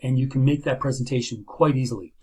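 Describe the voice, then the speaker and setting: A man's voice: medium pitch, steady tone, fast, a little mellow, slightly rough. A middle-aged man, an instructor, gives a recorded video lecture from his chair at home, talking casually with many fillers and "right?" checks. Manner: conversational, many fillers and restarts, tag questions. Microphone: laptop built-in camera and microphone.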